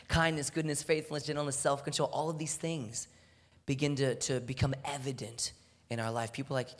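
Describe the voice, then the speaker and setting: A young man from Houston, preaching earnestly, sometimes dropping to a hushed voice. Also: mid-range voice, fairly quick. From Houston, Texas. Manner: earnest, animated preaching with soft, hushed moments. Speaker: speaker. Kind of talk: sermon. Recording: long hall reverb.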